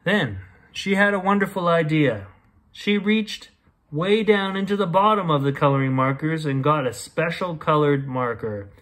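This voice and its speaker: A man hosting and reading a children's bedtime story aloud, gentle and expressive. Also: a little high, normal speed. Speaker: host reading bedtime stories.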